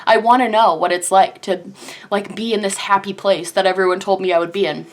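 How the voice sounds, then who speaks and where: A young woman vlogger tells a personal story in a storytime vlog, gushing dramatically and breathlessly and saying "like" constantly. Her mid-range voice keeps a steady tone at a fairly quick pace.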